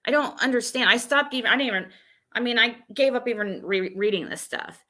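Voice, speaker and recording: A woman's voice: a little high, brisk, bright, forceful tone. A woman streamer venting, recounting an argument in an agitated rush with frequent restarts. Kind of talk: venting live stream monologue.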